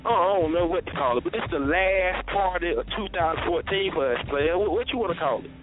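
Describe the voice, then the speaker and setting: A man's voice: high voice, fast talker. A man hosting a casual radio show, joking loosely and hyping a party. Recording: tinny phone-like audio with faint music.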